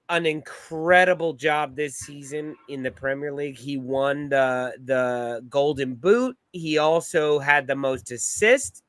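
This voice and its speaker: Bright-voiced blunt football fan host. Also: male voice, a little high, dry recording. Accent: New York. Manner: blunt, swears freely. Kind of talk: casual sports talk.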